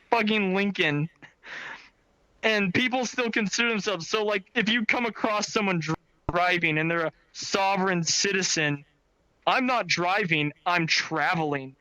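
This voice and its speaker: A man with a high, very bright voice tells a casual story about his work. He is animated and swears freely. His voice is recorded dry and close, with no room sound. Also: dry recording, rough recording. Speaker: storyteller recounting bail bond work. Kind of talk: casual anecdote.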